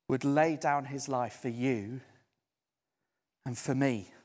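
Lively man preaching in a hall. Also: fairly high pitch. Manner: lively, conversational, builds to emphatic points. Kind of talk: sermon. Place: church hall. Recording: echoey hall.

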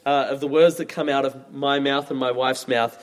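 A man in his thirties preaching a sermon, conversational and expressive. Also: medium pitch, normal speed. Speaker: pastor. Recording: long reverb from a large hall.

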